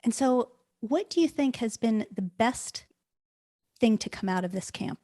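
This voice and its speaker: Woman, interviewer, brief questions, slightly high voice. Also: expressive, a little slow, dark tone. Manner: brief backchannel replies and questions.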